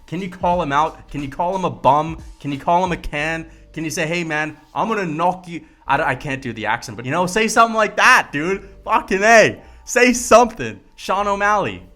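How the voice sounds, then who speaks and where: A man ranting to camera about fighters, casual and profane, with emphatic, animated delivery. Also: fairly high pitch, moderate pace, few pauses, soft background music. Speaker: MMA commentary vlogger. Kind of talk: casual opinion rant to camera.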